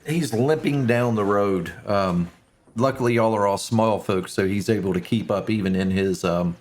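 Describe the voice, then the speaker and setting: A man's voice: on the low side, normal speed, slight background noise. A man narrating a tabletop game as game master, loose and self-mocking, with many fillers.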